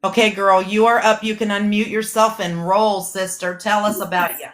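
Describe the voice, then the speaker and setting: A woman's voice: medium pitch, steady tone, moderate pace. A woman hosts a team Q&A over a video call. She sounds upbeat and encouraging as she gives each guest the floor. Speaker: team leader and host.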